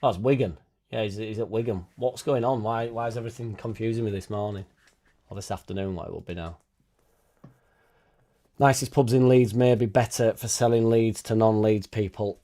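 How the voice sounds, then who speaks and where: A man's voice: on the low side, normal speed, mellow, slight background noise. Chatty man swearing on a live stream. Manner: swears freely, chatty, tag questions like innit. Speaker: fan channel host reading live chat. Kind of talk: casual live-stream chat.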